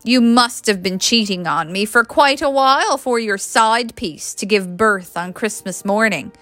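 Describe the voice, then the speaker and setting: A woman reading the lines of a brisk, pushy young woman who teases and presses. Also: mid-range voice, a bit bright, no room sound, faint music behind, lightly acted. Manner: teasing, pressing.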